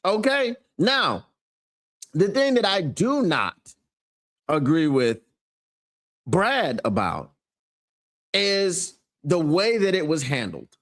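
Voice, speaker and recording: A man's voice: a little high, wildly swooping pitch, slow pace, long pauses, fairly bright tone. A man hosting a fan sports show, giving emphatic, casual commentary and laughing often.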